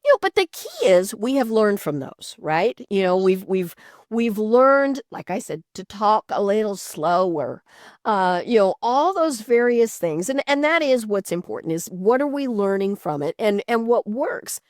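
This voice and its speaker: A woman's voice: medium pitch, very animated, measured pace, no echo, clean studio sound. A woman hosting a podcast, chatting casually with frequent fillers, restarts and laughs. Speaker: podcast host. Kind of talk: casual interview chat.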